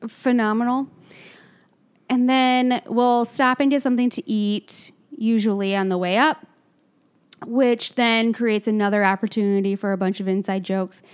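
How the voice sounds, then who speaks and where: Smooth-voiced woman podcast cohost, kinda high, chatty. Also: little pitch movement, normal speed. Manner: chatty storyteller, laughs along. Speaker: podcast co-host. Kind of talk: casual chat.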